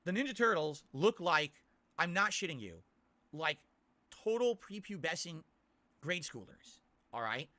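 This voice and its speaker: A man's voice: fairly high pitch, big pitch swings, measured pace, pauses often, bright, forceful tone. A man ranting on a stream, complaining insistently and asking "okay?" again and again.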